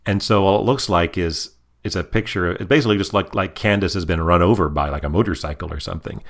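A man hosting a casual chat, recapping an episode with playful, animated storytelling. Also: low voice, fast talker, vocal fry. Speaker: podcast host.

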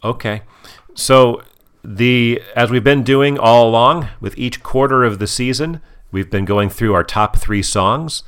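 A man co-hosting a casual family podcast as the dad, telling stories in an animated, playful way. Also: mid-range voice, a little slow, smooth. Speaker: podcast co-host and father.

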